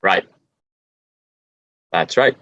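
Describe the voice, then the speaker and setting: A man's voice: drawn-out words, fairly bright tone. A man hosting an interview who mostly answers with short agreeing replies. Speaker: interview host. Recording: dull lo-fi sound.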